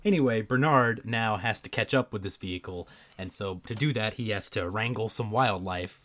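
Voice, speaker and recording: Podcast co-host, male, lowish voice, chatty movie recap, laughs a lot and voices the characters. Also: normal speed, a bit bright. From Arkansas, USA. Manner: laughs often, acts out characters' lines. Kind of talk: casual movie recap chat.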